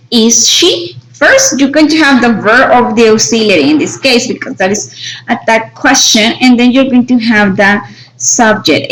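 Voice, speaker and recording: Woman English teacher, high and unhurried, patient step-by-step explainer. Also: low-quality recording. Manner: explains step by step, checks with "right?". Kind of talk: recorded grammar lesson.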